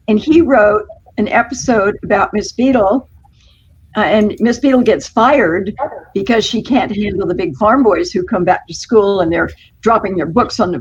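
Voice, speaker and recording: A woman's voice: medium pitch, darkish tone, slight background noise. Chatty woman on a dull-sounding call. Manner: chatty, laughing storyteller. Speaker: panel guest, actress. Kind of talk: anecdotal chat. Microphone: video call.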